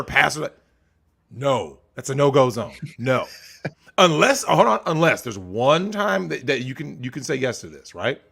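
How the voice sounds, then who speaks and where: A man's voice: mid-range voice, creaky, fairly bright tone, slightly rough. A man guest on a podcast, talking in an emphatic, opinionated way and checking agreement with frequent rhetorical questions. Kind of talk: casual podcast chat.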